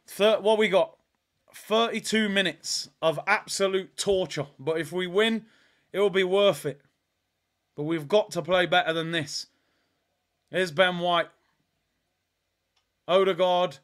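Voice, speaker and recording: Young man, watch-along host, high-pitched, loud frustrated reactions. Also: unhurried, pauses often. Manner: animated, frustrated, shouts at players. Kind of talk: live match watch-along commentary.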